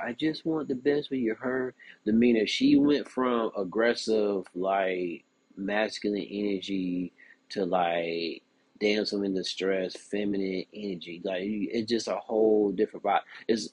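Husky young man with a lowish voice. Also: no echo. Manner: animated, frequent "you know what I'm saying". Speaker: podcast host. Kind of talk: casual commentary monologue.

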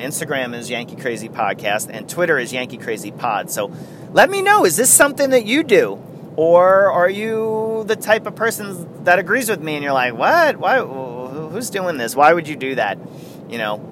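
Male podcast host, casual solo talk, lots of restarts, faint rumble underneath. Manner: rambling, self-interrupting, chuckling.

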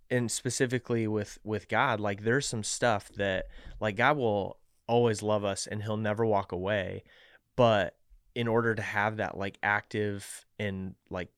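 A low-pitched man co-hosting a podcast, thoughtful and halting with many fillers. He keeps clearing a frog in his throat, and his voice sounds dry and close. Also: no room sound. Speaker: podcast co-host. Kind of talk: casual chat. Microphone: studio mic.

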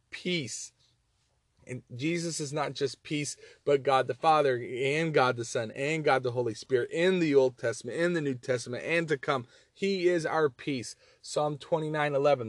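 A man's voice: mid-range voice, no echo, studio quality. Earnest Southern man teaching scripture. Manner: earnest, animated, repeats words when emphasizing. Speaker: Bible teacher. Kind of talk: casual Bible teaching.

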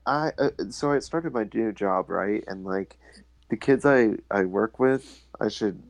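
A man's voice: unhurried, no echo, low-quality recording. A young man in casual podcast chat, telling funny stories about his after-school job and mimicking kids. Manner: storytelling, mimics kids in high voices. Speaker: podcast co-host.

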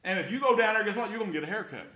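Male preacher, bright, slightly high voice, folksy delivery that swings from loud to hushed. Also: animated, very fast. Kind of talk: informal sermon.

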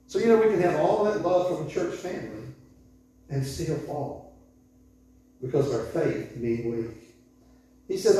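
A man's voice: on the high side, measured pace, pauses often. Man in his sixties preaching, echoey. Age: 60s. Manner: conversational, animated, chuckles often. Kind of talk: informal sermon. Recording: echoey room from far off.

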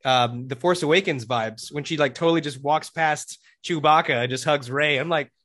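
A fairly high-voiced man riffing in a casual review chat, swearing freely and jumping into voices to act out what characters say. His talk is loose and excitable. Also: normal speed. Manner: excitable, profane, acts out quotes in voices. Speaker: podcast co-host.

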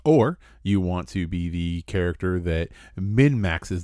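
A man's voice: low voice, expressive, slow pace, few pauses, warm tone, no echo. A man co-hosting a casual tabletop game podcast, easygoing and laughing at his own jokes, recorded on a close microphone. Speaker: podcast co-host. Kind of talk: casual chat.

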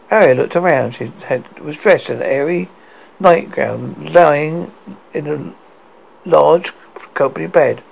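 A man's voice: a little high, slow pace, vocal fry, a little mellow, poor audio. A man reading a story aloud with a stumbling delivery, often restarting words.

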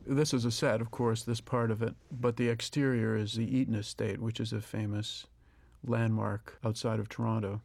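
A man, a film director, giving a reflective audio commentary, thinking aloud with pauses and restarts. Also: on the low side, flat delivery, creaky, a little mellow, dry recording.

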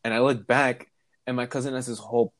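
In a casual chat, a young man recounts a funny story, doing the voices of its characters and laughing as he goes. He speaks with medium pitch at a slightly fast pace, in an animated way, and the recording is dry.

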